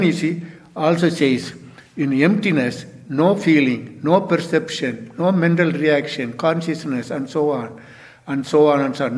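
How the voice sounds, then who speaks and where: An older man giving a Zen dharma talk, unhurried, often chuckling and adding "you see" to his points. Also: on the high side, a little mellow. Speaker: Zen teacher.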